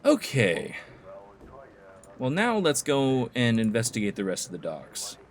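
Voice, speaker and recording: A man's voice: mid-range voice, wildly swooping pitch, unhurried. A man giving casual, chatty commentary while playing a video game, with amused asides. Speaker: let's play host.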